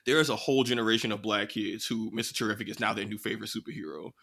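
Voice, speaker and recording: A man co-hosting a podcast, talking in an animated, slangy way with quick riffs. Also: fairly low pitch, gravelly, breathy edge. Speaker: podcast co-host. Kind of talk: casual chat.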